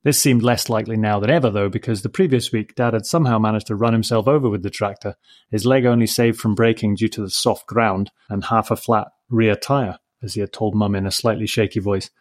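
A man reading a children's story aloud in a gentle, measured way, softly giving voice to the dialogue. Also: lowish voice, steady tone. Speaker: narrator. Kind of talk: storybook narration.

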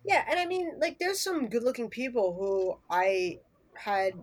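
A woman's voice: fairly high pitch, sing-song, unhurried, dry recording. A woman co-hosting a casual chat, frank and opinionated, who swears now and then.

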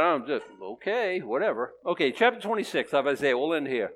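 A man's voice: a little high, very animated, fairly quick, few pauses, a bit bright. A man preaching a sermon in a conversational, sarcastic style, mixing scripture reading with jokes. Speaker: pastor.

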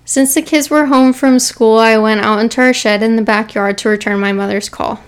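A young woman reads a scary story aloud in a steady, measured voice that sits a little high. She drops to a whisper at the chilling moments. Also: smooth. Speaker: podcast host reading a story.

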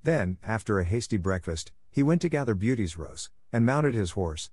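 Low-voiced man narrating a storybook. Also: lively intonation, normal speed, darkish tone, breathy edge, dry recording. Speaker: audiobook narrator.

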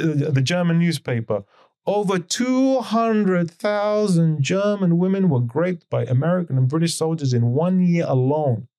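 This podcast guest is a man whose voice runs on the high side with a slightly mellow quality. He lays out history emphatically in a conversational lecture style, peppering his points with rhetorical questions.

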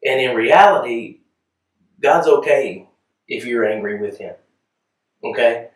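A man's voice: medium pitch, slow, recorded from a distance. A man preaching a sermon in a conversational way, often asking the room whether they follow. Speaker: pastor. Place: church hall. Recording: echoey room, voice from off-mic.

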